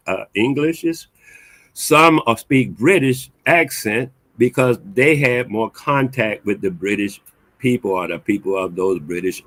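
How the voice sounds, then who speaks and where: A man speaking as a livestream panel guest, explaining in a calm, measured, lecturing way and checking that he follows the others. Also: medium pitch, dry recording.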